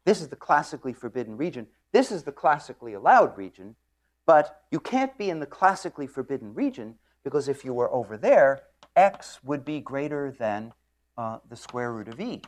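A man lecturing on physics, explaining at a board in a joking storytelling way and often clearing his throat. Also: mid-range voice, big pitch swings, a little fast. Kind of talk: classroom lecture.

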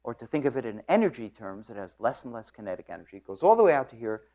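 A man lecturing on physics, explaining at a board in a joking storytelling way and often clearing his throat. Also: mid-range voice, big pitch swings, racing, warm tone. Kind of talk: classroom lecture.

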